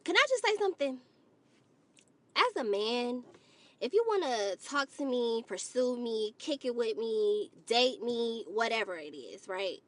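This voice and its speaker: A woman vlogger telling a story to her viewers in an animated, exasperated way. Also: fairly high pitch, a little slow. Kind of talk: storytime commentary to camera.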